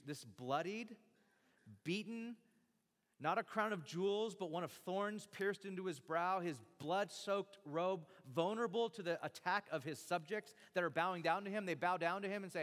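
A man's voice: a little high, moderate pace, a bit bright. A man preaching a sermon, dramatically acting out the lines he quotes. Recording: long hall reverb.

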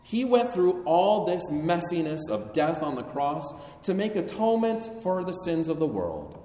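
A man preaching a sermon in a church, solemn and measured, building to stronger emphasis. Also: fairly high pitch, very animated, mellow, recorded from a distance. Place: church sanctuary. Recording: echoey hall, voice from afar.

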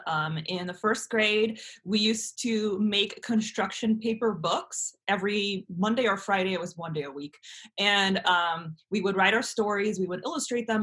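A woman in her thirties from California, a guest author telling stories in a sarcastic, animated way with many restarts. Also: medium pitch. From United States (California). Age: 30s. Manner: sarcastic, animated storytelling with frequent laughs and restarts. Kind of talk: casual interview chat.

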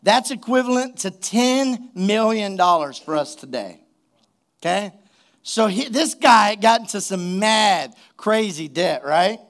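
A man's voice: high voice, animated, slow, fairly bright tone. A man preaching a sermon as a pastor, emphatic and full of rhetorical questions to the congregation.

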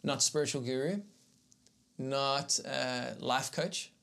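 A man leading a live-streamed Bible teaching in a loose, conversational way. He speaks with animated energy and reads scripture passages aloud with emphasis. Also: medium pitch, takes it slowly, gravelly. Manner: conversational and animated, greets viewers in the chat. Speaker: pastor teaching an online series.

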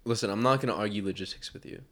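Lowish-voiced young male podcast host. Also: a bit bright. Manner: joking, teasing, quick banter. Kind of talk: casual chat.

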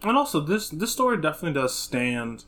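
Cheerful male co-host, animated and slightly high voiced. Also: a little fast. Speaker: podcast co-host. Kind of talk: casual chat.

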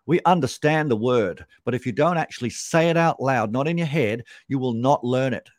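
A man's voice: medium pitch, lively intonation, moderate pace, no echo, studio quality. A man, a sales trainer explaining his method as a podcast guest, punchy and repeating key points for emphasis.

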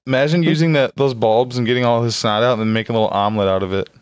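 Laughing, swearing podcast host. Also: male voice, medium pitch, fairly even intonation, rapid-fire, clean tone, no room sound, clean studio sound. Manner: laughs often, swears, riffs and acts out bits. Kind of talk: casual comedy chat.

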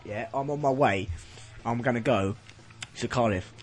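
A man's voice: medium pitch, normal speed, faint music behind. A man hosting a podcast in a studio, chatting casually in a rambling, jokey way with frequent laughs. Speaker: podcast host. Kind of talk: casual chat. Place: radio studio.

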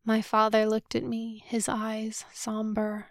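A woman narrating a novel in the first person, with a measured, subdued, solemn reading. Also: on the high side, completely flat delivery, no echo, clean studio sound. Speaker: audiobook narrator.

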